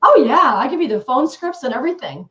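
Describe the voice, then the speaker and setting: A woman's voice: sits high, big pitch swings, quick pace, a bit bright. A woman guest coach on a live webinar, talking emphatically and acting out sales scripts. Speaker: guest real estate coach. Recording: echoey, dull lo-fi stream audio.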